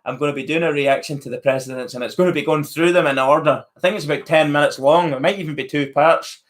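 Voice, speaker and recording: Chatty Scottish man, fairly high voice. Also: fast. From Scotland. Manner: chatty, musing aloud with many fillers and restarts. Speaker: channel host answering live chat. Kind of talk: casual live-stream chat.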